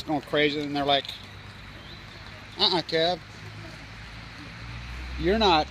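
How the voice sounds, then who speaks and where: A man's voice: fairly high pitch, slight background noise. A man filming himself at a street protest, talking in a rambling, agitated, conspiratorial way into a handheld camera outdoors. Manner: agitated, conspiratorial, tells stories with quoted dialogue. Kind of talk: self-filmed protest vlog, rambling commentary. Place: outdoors on a street outside an office building.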